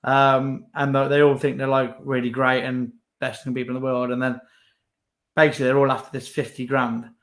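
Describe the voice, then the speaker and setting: Young man, casual chat, lots of fillers, co-host, mid pitch. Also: level tone, brisk.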